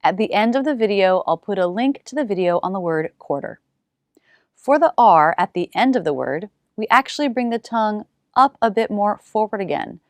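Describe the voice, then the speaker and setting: A woman leads a pronunciation lesson, her voice pitched in a middle range. She repeats single sounds and words slowly with exaggerated care. The sound is dry and close, with no room around her. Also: lively intonation, no room sound. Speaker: pronunciation teacher.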